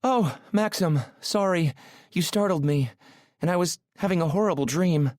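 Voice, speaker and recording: A man's voice: sits high, normal speed, a little mellow, no echo, studio quality, voice pushed up, close to an everyday voice. A male narrator voicing a refined, proud young Italian woman with a rich, silky voice in an audiobook. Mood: apologetic. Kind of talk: audiobook character voice.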